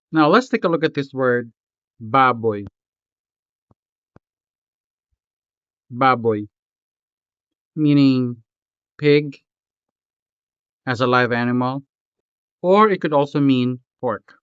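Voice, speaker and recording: Guy, hiligaynon speaker, reads a language lesson slow and careful, smooth voice, dry and a bit dull sound. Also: medium pitch, dry recording. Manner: slow, careful enunciation of example words. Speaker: language tutor. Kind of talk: scripted lesson narration.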